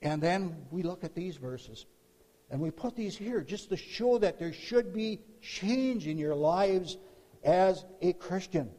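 A man's voice: sits high, expressive, slow, dark tone. A man preaching a sermon, telling a story with emphatic bursts and repeated words. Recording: long hall reverb.

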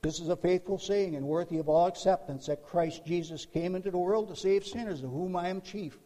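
A male preacher delivers a sermon in a high, mellow voice. He tells the story with emphatic bursts and repeats words as he presses his points. The sound rings with the long reverb of a large hall. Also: brisk.

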